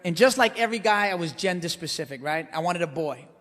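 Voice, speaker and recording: A man performing a brash, animated stand-up monologue, swinging between loud outbursts and hushed asides. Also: fairly high pitch, fast, in a large hall. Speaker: comedian. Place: theater stage.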